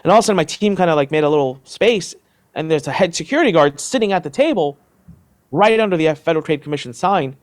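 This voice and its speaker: A middle-aged man, a podcast guest, telling a personal story in a lively way and acting out the voices of the people in it. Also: on the high side, fast. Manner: animated, acts out voices in his story. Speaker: interview guest, entrepreneur.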